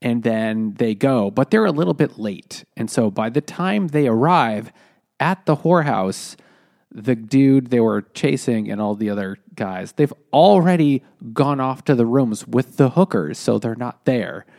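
A man's voice: medium pitch, animated, unhurried, gravelly, a little mellow. A man casually retelling a book's plot in a rambling, laughing way.

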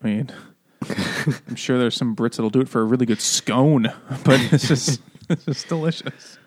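A man's voice: medium pitch, normal speed, darkish tone. Joking, rambling man on a podcast. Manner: joking, laughs often, rambling with many fillers. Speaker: podcast co-host. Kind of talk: casual chat.

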